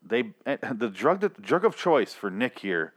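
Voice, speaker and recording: A man's voice: mid-range voice, very animated, unhurried. A young man hosting a casual solo recap of a TV episode, rambling and joking, mocking the characters in put-on voices. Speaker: podcast host recapping a TV episode.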